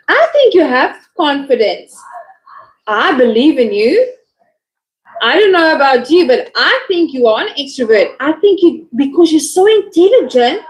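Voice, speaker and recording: A woman English teacher coaching a student in a live online lesson, encouraging and acting out little dialogues. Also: poor audio. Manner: encouraging, acts out little dialogues with pitch swings.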